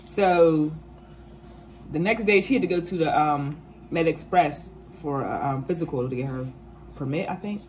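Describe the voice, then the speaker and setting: A woman in her twenties telling a casual storytime, animated and profane, acting out quotes. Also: deep voice, moderate pace, a little hiss or hum. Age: 20s. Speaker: vlogger.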